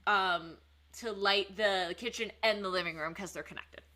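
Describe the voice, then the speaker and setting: A woman co-hosting a podcast, chatting casually and telling stories with emphatic, animated delivery. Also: medium pitch, moderate pace. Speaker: podcast co-host. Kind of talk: casual chat.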